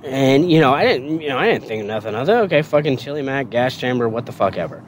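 A man telling basic training stories in a casual, profane and animated way on a podcast. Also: medium pitch, fast talker, slight background noise. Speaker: podcast guest storyteller. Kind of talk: casual storytelling.

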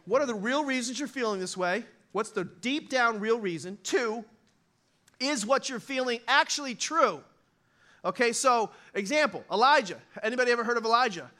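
A middle-aged man preaching a sermon in a loose, conversational way, talking straight to his congregation and now and then acting out short voices. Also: extremely high pitch. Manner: animated, conversational, acts out quick voices. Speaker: pastor.

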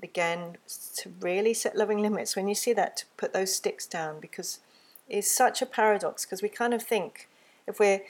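A woman giving a gentle, earnest solo talk on parenting, recorded close to the microphone and slipping into a soft, soothing tone when she models what to say to a child. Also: mid-range voice, moderate pace. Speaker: parenting teacher. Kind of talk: reflective spoken talk.

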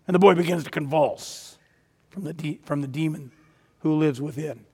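A man's voice: fairly high pitch, normal speed, darkish tone, husky. A man preaching a sermon, retelling a story dramatically and rising to emphatic peaks. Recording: long hall reverb.

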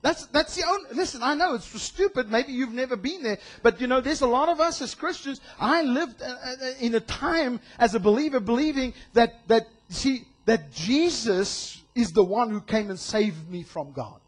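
A male pastor preaching a sermon in an animated way, acting out voices and shouting for emphasis. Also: extremely high pitch, normal speed, few pauses.

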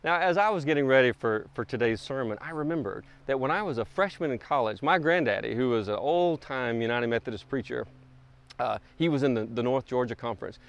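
A middle-aged man preaching a sermon and telling a story, halting often and restarting his phrases. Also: medium pitch, clear, resonant tone. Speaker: pastor.

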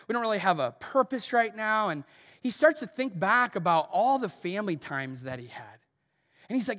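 A man's voice: sits high, a bit bright. A man preaching a sermon as a pastor, in a conversational storytelling way. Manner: conversational, storytelling with acted quotes. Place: church auditorium. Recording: long hall reverb.

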